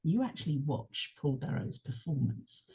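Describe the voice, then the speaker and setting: A woman speaking as a podcast guest in casual chat, engaged and animated as she retells scenes. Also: low-pitched, normal speed, breathy edge. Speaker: podcast guest, longtime fan. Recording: dull lo-fi podcast audio.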